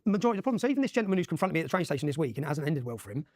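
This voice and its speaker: Man, very fast talker, emphatic storytelling, voice a touch high, dry close sound. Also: big pitch swings, a little mellow, dry recording. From Luton, England. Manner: rapid, emphatic, keeps checking with "yeah?". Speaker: interview guest. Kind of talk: animated personal storytelling.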